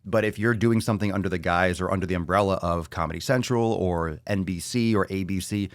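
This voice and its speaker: The podcast host has a low voice and speaks fairly quickly, recorded in clean studio sound with no room sound. His solo episode is a blunt, sarcastic rant heavy on swearing, with lines repeated for emphasis, and ends with audience questions.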